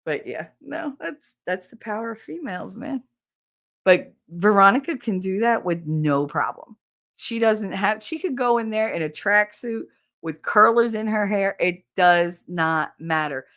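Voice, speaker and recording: A woman's voice: medium pitch, unhurried. Candid, profane woman telling stories. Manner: candid, profane, animated, quoting others in character. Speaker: podcast co-host. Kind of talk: casual storytelling.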